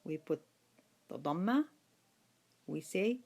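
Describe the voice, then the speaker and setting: Woman, patient letter-by-letter teaching, lowish voice, unhurried. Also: animated, darkish tone. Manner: patient, repeats each sound several times. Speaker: Quran reading teacher. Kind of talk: slow step-by-step lesson.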